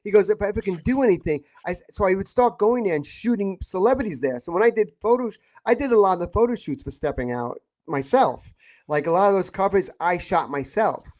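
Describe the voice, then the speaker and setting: A man's voice: sits high, animated, a little fast, a little mellow. A man who is a podcast guest, telling a rambling story with many restarts and quoted asides. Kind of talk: casual anecdote telling.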